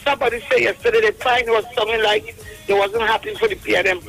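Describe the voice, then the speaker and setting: A man's voice: very high-pitched, little pitch movement, fast, creaky, pushed and bright, soft background music, low-quality recording. A man with a Trinidadian accent calling in to a radio show, rambling and preachy, quoting scripture over the phone. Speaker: radio call-in caller. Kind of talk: impassioned call-in talk.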